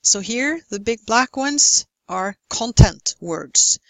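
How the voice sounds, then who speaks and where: Slow, deliberate woman teaching English. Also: fairly high pitch, animated, dry recording, rough recording. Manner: slow, deliberate, clearly enunciated. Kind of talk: instructional lesson narration.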